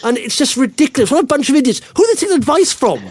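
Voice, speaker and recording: A middle-aged man hosting a podcast in excitable, animated casual chat, often repeating words. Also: extremely high pitch, rapid-fire. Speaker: podcast host.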